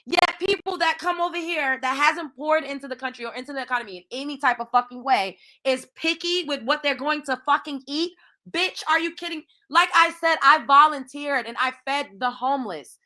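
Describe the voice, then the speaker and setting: A woman's voice: sits high, brisk, pushed and bright. A woman hosting her own show, ranting in heated, profane commentary with lots of exclamations. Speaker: show host.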